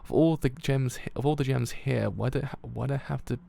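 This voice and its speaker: A man's voice: mid-range voice, brisk, gravelly, mellow. A man voicing a clumsy, self-doubting young gem who is fretful and eager to prove itself.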